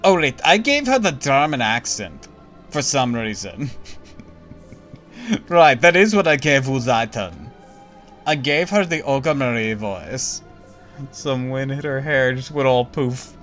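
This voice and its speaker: A male game streamer with an animated, lively delivery and a bright, forceful tone. He talks excitably, swears freely and laughs a lot. Faint game music plays underneath. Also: mid-range voice, measured pace, long pauses. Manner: excitable, profane, laughs often. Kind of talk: casual live-stream commentary.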